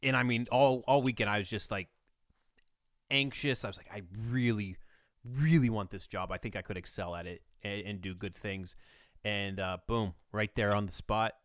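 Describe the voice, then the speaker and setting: A man's voice: on the low side, moderate pace, no echo, studio quality. A young man co-hosting a podcast in casual chat, speaking earnestly and often stumbling over and repeating words. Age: young adult. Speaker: podcast co-host.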